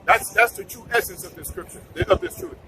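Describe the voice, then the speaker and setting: A man's voice: high-pitched, fairly quick, music in the background, poor audio. A man giving a casual scripture talk, preachy, repeating himself and restarting his sentences. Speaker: bible teacher.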